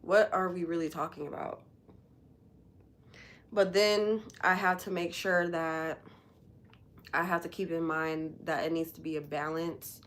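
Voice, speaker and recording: A woman's voice: fairly low pitch, level tone, unhurried, long pauses, a bit bright, slight background noise. A woman hosting a casual livestream, talking candidly and bluntly in a rambling way with lots of fillers, sounding emotional after recent crying. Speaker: livestream host.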